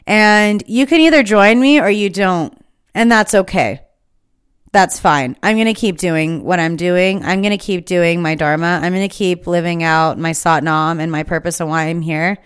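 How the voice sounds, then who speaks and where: A woman's voice: fairly low pitch, moderate pace, smooth. A woman hosting her own podcast, giving an impassioned, emphatic spiritual monologue that is full of swearing. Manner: fired-up, emphatic, swears freely. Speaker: podcast host.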